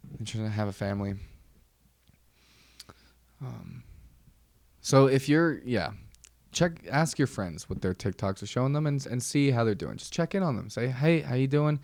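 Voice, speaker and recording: A man's voice: fairly low pitch, moderate pace, long pauses, a little mellow, no room sound, clean studio sound. Rambling, joking man podcast host. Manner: rambling, self-deprecating jokes, many ums and restarts. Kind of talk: casual solo podcast monologue.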